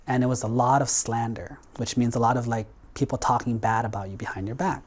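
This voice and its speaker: A man's voice: mid-range voice, steady tone, a little fast, few pauses. A male monk delivering a storytelling sermon in a loose, conversational manner. He drops in little acted quotes as he goes. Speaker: Buddhist monk.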